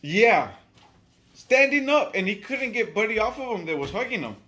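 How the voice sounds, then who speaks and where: High, animated man telling a story. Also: normal speed. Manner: animated, profane, acts out the people he quotes. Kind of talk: casual storytelling.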